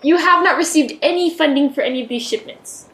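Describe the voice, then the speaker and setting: A woman playing a tabletop game, asking quick questions casually. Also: high voice, a bit bright. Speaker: player. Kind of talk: casual chat. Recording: roomy echo.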